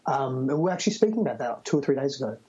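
A man's voice: medium pitch, sing-song, racing, mellow, husky, lo-fi sound. A man with an Australian accent, talking as a podcast guest in an earnest, reflective way. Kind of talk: casual conversational interview.

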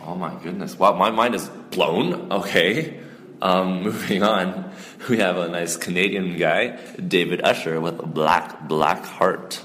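A man hosting a casual music podcast, chatty and quick to exclaim in surprise. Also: low voice, echoey room, in a large hall. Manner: excitable, quick to gasp and exclaim. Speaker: podcast host.

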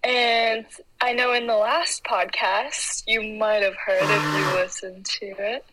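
A woman's voice: medium pitch, steady tone, measured pace, sharp tone, husky, rough recording. A young woman co-hosting a casual podcast chat, giggly and teasing. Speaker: podcast co-host.

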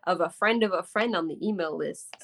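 A woman's voice: fairly low pitch, fairly quick, fairly bright tone. A woman co-hosting a podcast in casual chat, emphatic and repeating phrases for effect. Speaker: podcast co-host.

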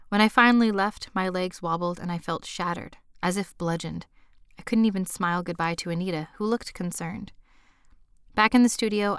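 A woman's voice: fairly low pitch, clean tone, no room sound, studio quality. A woman narrating her own memoir in a subdued, intimate way. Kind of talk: first-person memoir narration.

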